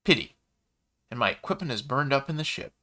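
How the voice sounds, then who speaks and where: A man's voice: medium pitch, expressive, brisk, bright, forceful tone, pitched above the performer's own voice. A man voicing a chatty, easygoing male alien baker in a sci-fi story, with a laid-back, folksy manner. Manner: laid-back, folksy, calls the listener kid.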